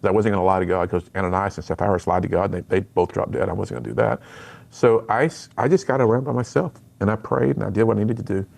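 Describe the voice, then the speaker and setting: A middle-aged man, a guest on a radio interview, telling his personal story in an earnest, animated way and acting out the lines he quotes. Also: on the low side, fast, creaky. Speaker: radio guest, speaker to students.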